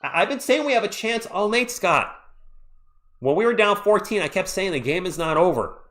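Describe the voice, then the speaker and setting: Excitable man calling a livestreamed game. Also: high voice, normal speed. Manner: excitable, jokey, chatty with viewers. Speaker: livestream play-by-play host. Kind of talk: live play-by-play with chat reactions.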